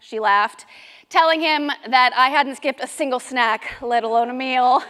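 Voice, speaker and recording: Middle-aged lady doing a funny indignant memoir bit on stage, high voice, big hall echo. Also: a little slow. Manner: comic, indignant, lively storytelling. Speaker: memoir performer. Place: live theater stage. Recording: reverberant hall.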